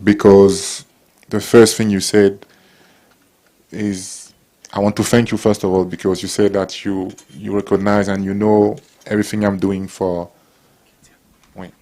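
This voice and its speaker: A man giving casual, encouraging advice to young people, with halting restarts. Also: fairly low pitch, level tone, warm tone. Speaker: guest speaker, former footballer. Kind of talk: casual talk to young audience.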